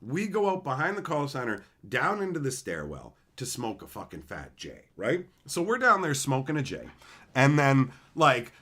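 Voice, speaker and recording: A man's voice: medium pitch, moderate pace. A man telling stories from his old job in a casual, profane rant, often acting out what people said. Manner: profane, animated, acts out quoted people. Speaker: channel host.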